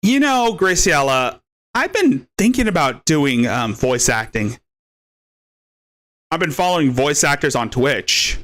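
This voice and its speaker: A man hosting a live stream, mocking a clip with crude, profane commentary, laughing and shouting insults. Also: medium pitch, big pitch swings, unhurried, no room sound. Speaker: stream host.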